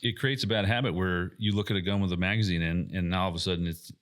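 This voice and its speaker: Low-voiced laid-back man. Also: quick pace. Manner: relaxed, laughs often, swears casually. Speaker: airsoft park staff, podcast regular. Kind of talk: casual podcast chat.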